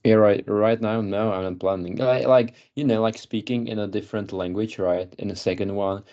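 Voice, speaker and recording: A man's voice: lowish voice, steady tone, normal speed, mellow, lo-fi sound. A young man in his twenties with a Czech accent, a student talking hesitantly with many fillers on a call. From Czech Republic. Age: 20s.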